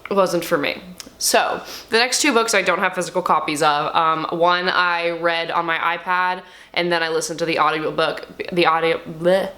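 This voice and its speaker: A young woman talking casually and candidly as a book vlogger, swearing freely and swinging her pitch up and down. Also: moderate pace, bright, forceful tone. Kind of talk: casual chat.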